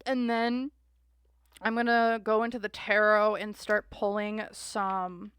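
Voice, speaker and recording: A woman's voice: mid-range voice, level tone, slow, fairly bright tone, clean tone, no room sound. A young woman, reading tarot cards casually to camera and acting out imagined quotes with casual swearing. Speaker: tarot reader.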